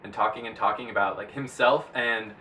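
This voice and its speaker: A young man vlogging in a chatty, rambling way, full of "like" and excitable bursts. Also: fairly low pitch, a little fast, far from the mic, a little hiss or hum, poor audio. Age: young adult. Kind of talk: casual vlog monologue.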